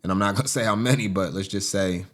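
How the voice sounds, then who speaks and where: A man, a gaming vlogger, chatting casually to viewers as "team" while walking through listings on screen, with excitable bursts. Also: low voice, fast, background noise. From United States. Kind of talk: casual screen-recording commentary.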